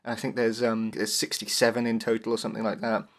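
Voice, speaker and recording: A man's voice: fairly low pitch, little pitch movement, fast talker. A man co-hosting a casual podcast, retelling a film script's plot in a chatty way and laughing often. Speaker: podcast co-host. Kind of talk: casual review chat.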